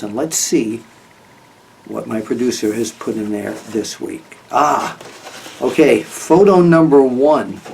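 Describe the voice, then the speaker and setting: A man's voice: medium pitch, creaky, darkish tone, a little hiss or hum. A man hosting a casual show, chatting in a rambling way with many fillers and restarts. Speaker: host. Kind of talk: casual chat. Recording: voice a bit far from the mic.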